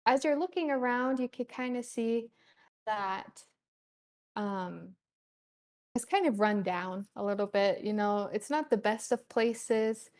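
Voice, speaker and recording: A woman narrating a tabletop game as game master, halting with many ums and you-knows. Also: a little high, a little mellow.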